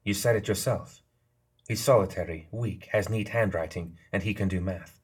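A blunt, skeptical woman who presses for answers, as a male narrator reads her. The voice stays low and husky, barely changed from the reader's own. It is storybook dialogue, impatient and doubtful. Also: normal speed.

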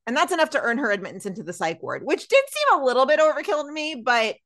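A woman's voice: sits high, fast. A woman co-hosting a podcast, chatting casually and recapping a TV episode, quoting characters' lines as she goes. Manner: chatty, lively, retells scenes with quoted lines. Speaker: podcast co-host.

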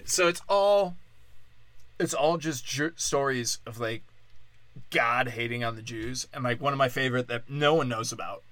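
A man's voice: mid-range voice, fairly bright tone, dry recording. A man hosting a podcast, delivering an irreverent comedic monologue, rambling with lots of "like" and frequent laughter. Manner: rambling, laughs often, heavy use of "like".

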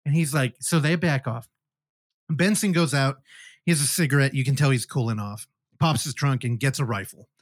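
A man's voice: mid-range voice, normal speed, no room sound, studio quality. A man hosting a podcast, animatedly retelling a movie in casual chat and swearing freely. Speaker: podcast host. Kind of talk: casual film review chat.

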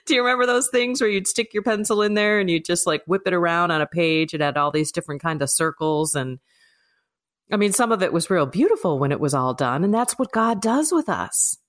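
A woman's voice: on the low side, a bit bright. A woman hosting her devotional podcast in a chatty, emphatic way, recorded on a microphone in an echoing kitchen. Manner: chatty, emphatic, self-deprecating. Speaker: podcast host. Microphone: microphone with laptop. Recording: echoey kitchen with faint music.

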